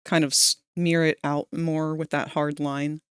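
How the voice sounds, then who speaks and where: A relaxed streamer in casual chat, candid and easygoing, with occasional swearing. The voice sounds dry and close, with no room echo. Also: medium pitch, takes it slowly, clear, resonant tone. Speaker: streamer, host. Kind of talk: casual chat while working on an avatar.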